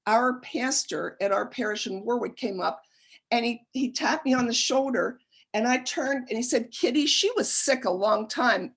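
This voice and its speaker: A woman's voice: fairly high pitch, gravelly, breathy edge. A middle-aged woman giving a humorous lecture, chatty and self-deprecating, breaking into laughter as she tells personal stories.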